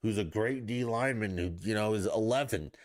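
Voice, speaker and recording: A man's voice: fairly low pitch, a little fast, no echo, studio quality, close to an everyday voice. A man putting on the voice of a gushing know-it-all sports fan to mock him.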